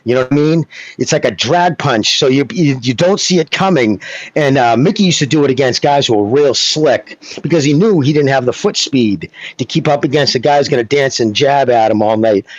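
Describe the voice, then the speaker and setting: A man's voice: mid-range voice, fairly quick, dry recording. A man co-hosting a boxing podcast, talking in a loose, rambling way. He swears casually and keeps checking in with "you know what I mean". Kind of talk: casual chat, technical breakdown. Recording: dull lo-fi sound.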